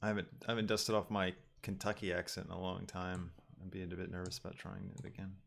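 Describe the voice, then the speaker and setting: Low gravelly man thinking aloud. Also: little pitch movement, fairly bright tone. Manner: thinking aloud, halting with ums and restarts. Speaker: 3D artist livestreaming his work. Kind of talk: casual livestream talk while working.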